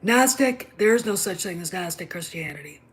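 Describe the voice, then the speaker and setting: A woman's voice: on the low side, lively intonation, normal speed. A middle-aged woman hosting her own channel, delivering a heated, emphatic rant that drops to whispers for emphasis. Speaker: channel host. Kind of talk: ranting opinion monologue.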